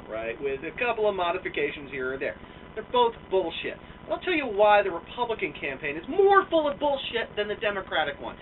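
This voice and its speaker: A man's voice: high voice, a little hiss or hum. A man delivering a profane, exasperated political rant on a vlog, recorded with a muffled, phone-like sound from a distance. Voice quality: profane, animated, exasperated ranting. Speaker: vlogger.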